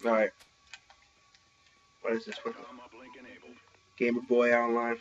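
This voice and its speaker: Excitable young man commenting on gameplay. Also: medium pitch, takes it slowly, noisy background. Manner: excitable, reacting loudly to kills. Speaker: gaming channel host. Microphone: headset. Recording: slightly dull lo-fi recording.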